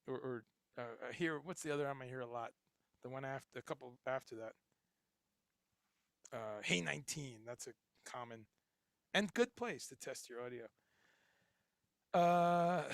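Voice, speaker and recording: A man's voice: medium pitch, creaky, sharp tone, no echo, clean studio sound. A middle-aged man who grew up in Chicago and the Caribbean, hosting a casual livestream, rambling and swearing as he reads chat comments aloud. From grew up in Chicago and Guyana, later New Jersey. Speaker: livestream host.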